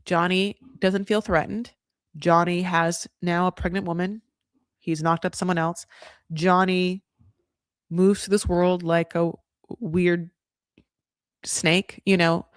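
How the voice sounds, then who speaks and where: A woman's voice: fairly low pitch, little pitch movement, slow, pauses often, smooth, no room sound, clean studio sound. A woman hosting a casual live recap of a reality show, blunt and opinionated, rambling with lots of "like" and frequent swearing.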